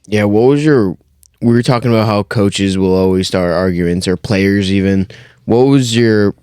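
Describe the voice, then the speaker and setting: Host, low resonant man's voice, dry sound. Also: moderate pace, a little mellow, clear, resonant tone, no room sound. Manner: asks questions loosely. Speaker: podcast host. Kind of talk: casual chat.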